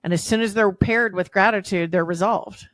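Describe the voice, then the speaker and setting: A woman's voice: mid-range voice, moderate pace, fairly bright tone, dry recording. A woman hosting a podcast, leading a thoughtful casual discussion. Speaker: podcast host. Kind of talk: casual chat.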